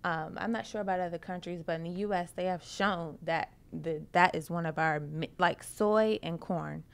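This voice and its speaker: A woman's voice: fairly low pitch, moderate pace, creaky, smooth. A woman, a personal trainer, talking in a casual talk show chat in an emphatic, passionate way. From United States. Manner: emphatic and passionate, laughs often.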